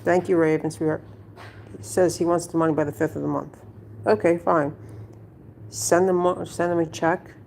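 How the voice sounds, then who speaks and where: A woman's voice: on the low side, steady tone, normal speed, gravelly, darkish tone, a little hiss or hum. A woman at home telling a story to her viewers in a blunt, rambling way, swearing freely. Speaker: vlogger. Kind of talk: casual storytelling to camera.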